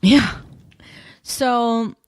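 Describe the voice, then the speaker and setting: A woman's voice: on the high side, very slow. A young adult woman co-hosting a podcast, recapping a show in blunt, casual chat with swearing and laughter. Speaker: podcast co-host.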